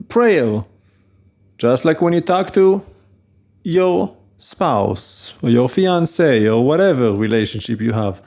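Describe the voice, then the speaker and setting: A man's voice: a little high, warm tone. A man preaching on prayer, firing off emphatic rhetorical questions with a scoffing edge. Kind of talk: spoken teaching on prayer.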